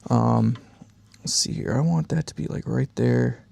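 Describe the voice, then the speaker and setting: A man's voice: medium pitch, measured pace, vocal fry, darkish tone, no room sound. A man with congested sinuses chatting in a rambling, laid-back way while building an amp on a live stream, swearing casually and chuckling often.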